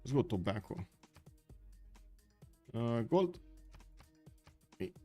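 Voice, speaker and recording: A man's voice: medium pitch, very animated, drawn-out words, mellow, faint music behind. A man giving live commentary on a strategy game tournament, chatty and thinking aloud with many fillers. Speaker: esports caster.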